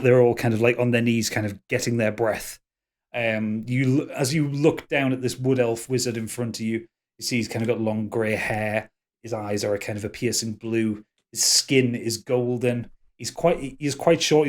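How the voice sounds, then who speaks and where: A man running a tabletop game, narrating scenes in a halting, descriptive way and laughing easily. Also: medium pitch. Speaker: game master.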